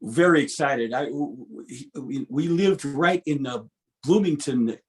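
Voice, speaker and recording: This guest musician, a man in his fifties, talks a little slowly in a medium-pitched voice while telling stories in an interview. He's lively, frequently starts over, and laughs between anecdotes.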